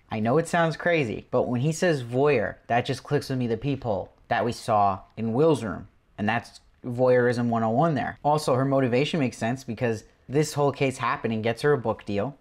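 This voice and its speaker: Animated man reviewing a TV episode. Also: mid-range voice. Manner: animated, quotes characters in passing. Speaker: TV review host. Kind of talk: casual spoiler review.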